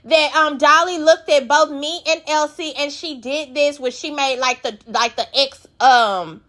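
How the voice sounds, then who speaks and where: A woman mimicking a defensive woman who slowly and carefully explains herself. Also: high-pitched, a bit bright. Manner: slow, careful insistence.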